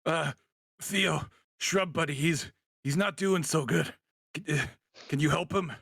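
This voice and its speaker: A man playing in a tabletop game, talking quickly and laughing easily. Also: fairly high pitch, creaky, a bit bright, no room sound, studio quality. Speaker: player.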